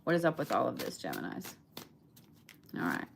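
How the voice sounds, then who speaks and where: A woman's voice: very deep voice, huge pitch swings, normal speed, vocal fry, very noisy. A woman giving a chatty, emphatic live tarot reading to her viewers. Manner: chatty, emphatic, swears casually, talks to viewers. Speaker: tarot reader.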